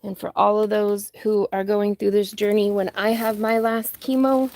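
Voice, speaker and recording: A woman's voice: medium pitch, level tone, normal speed, darkish tone. A woman hosting a crafting channel, chatting casually and a bit out of breath, rambling with lots of ums. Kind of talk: casual live chat while crafting.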